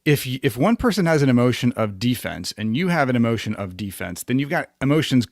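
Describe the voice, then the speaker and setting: Male podcast co-host, chatty and expressive, dry studio sound. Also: medium pitch, fast talker, no room sound. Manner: animated, laughs often, digs into details. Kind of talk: casual business talk.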